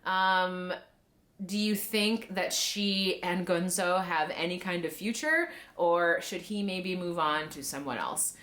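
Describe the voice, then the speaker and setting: A woman's voice: lowish voice, slow pace, a bit bright. A woman vlogger recapping a drama episode in a casual, chatty way, often saying "like" and briefly acting out lines in quoted voices.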